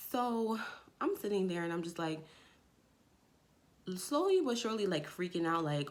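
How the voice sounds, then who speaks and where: A young woman telling a personal story to her camera in a casual, lively way. She jumps into higher voices when she quotes people. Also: normal speed. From Jamaica. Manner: animated, acts out quoted friends in a raised voice. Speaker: vlogger.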